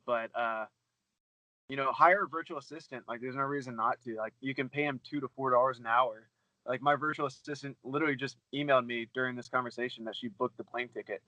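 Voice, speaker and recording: A man's voice: mid-range voice, sharp tone, no room sound, rough recording. A man talking casually as an interview guest, loose and chatty, with plenty of fillers and swearing. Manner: fast, loose, swears freely, many fillers. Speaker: guest, book reseller.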